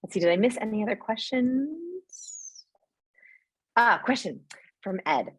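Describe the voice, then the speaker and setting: A young adult woman answering webinar questions as a guest expert, animated and explanatory, often checking in with "right?". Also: medium pitch, husky, no room sound. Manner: animated, explains with quick asides and rhetorical "right?". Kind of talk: live webinar Q&A.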